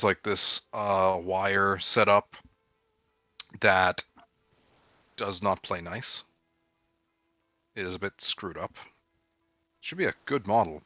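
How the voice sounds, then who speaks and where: A man's voice: on the low side, pushed and bright, dry recording. A man chatting casually on a stream, offhand and making crude jokes. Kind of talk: casual chat. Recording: dull lo-fi mic.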